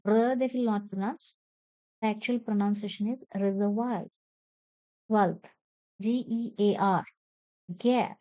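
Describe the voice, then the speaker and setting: In a slightly dull, dry lo-fi recording with no echo, a woman from India speaks in a steady, medium-pitched voice, a little slow and pausing often. Using her Indian English accent, she runs a pronunciation lesson, spelling each word letter by letter and repeating it with care.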